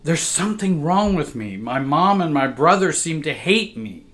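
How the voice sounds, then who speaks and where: A man's voice: on the high side, sing-song, normal speed, fairly bright tone, pitched above the performer's own voice. A man voicing a frightened, lonely six-year-old girl who pleads tearfully. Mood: desperate.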